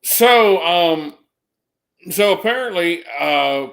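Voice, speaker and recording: A man's voice: high voice, lively intonation, slow, vocal fry, a bit bright. A man casually telling a long rambling story, restarting sentences and raising his voice to mimic others.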